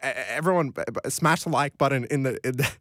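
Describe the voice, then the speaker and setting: A man's voice: mid-range voice, fast talker, a bit bright, no echo, studio quality. A young man hosting a late-night radio show, chatting casually and reading listener texts, rambling off into giggly tangents. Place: radio studio. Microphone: studio microphone.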